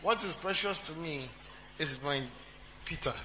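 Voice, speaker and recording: This pastor's voice is sharp and on the high side, and he takes his time. Preaching in church, he repeats phrases, jokes with the congregation, and asks them questions, captured on a dull recording with humming.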